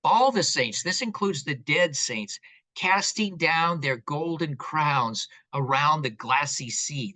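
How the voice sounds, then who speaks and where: Bright-voiced male lecturer. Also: mid-range voice, rough recording. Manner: relaxed, with frequent fillers and asides. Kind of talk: conversational lecture.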